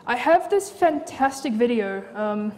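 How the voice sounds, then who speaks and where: High-voiced woman lecturing in a hall. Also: animated, unhurried, a little mellow. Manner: casual, chatty, many fillers. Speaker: university lecturer.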